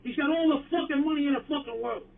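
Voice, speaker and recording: A man's voice: extremely high pitch, fast talker, gravelly. A man doing a ranting New York sports caller. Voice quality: profane, blustering rant. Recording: tinny phone-like clip from far off.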